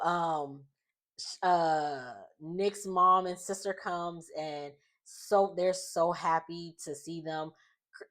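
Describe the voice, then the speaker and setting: A woman with a low voice casually retells a reality show episode. She rambles, trails off into fillers and laughs a lot as she goes. Her delivery is loose and chatty, like talking to a friend. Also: a bit bright. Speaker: reality-show recap vlogger. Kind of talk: casual chat recap.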